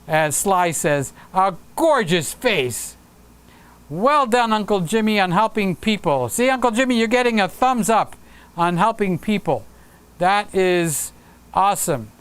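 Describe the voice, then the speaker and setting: A man's voice: sits high, expressive, unhurried, fairly bright tone, clear, resonant tone. A man hosting a casual livestream, chatting upbeat and reading viewer comments aloud with frequent fillers. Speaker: livestream host.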